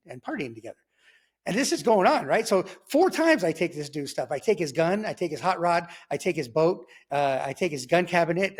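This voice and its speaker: A man casually telling his own story in slangy talk, acting out sounds like gunshots as he goes. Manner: animated, slangy, acts out sounds like "boom" and "pow". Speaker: guest telling his testimony.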